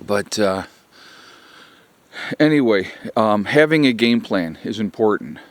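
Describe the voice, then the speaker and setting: Casual vlogger, male, lowish voice, loose and rambling delivery full of fillers, earnest about repeating key points. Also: animated, moderate pace, no echo. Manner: rambling, filler-heavy, conversational. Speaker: prepping vlogger. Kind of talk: casual advice vlog.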